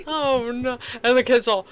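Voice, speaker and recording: A woman's voice: high-pitched, heavy background noise. A woman co-hosting a casual movie podcast, riffing and giggling at the others' stories. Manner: jokey, giggly, riffs on others. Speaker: podcast co-host.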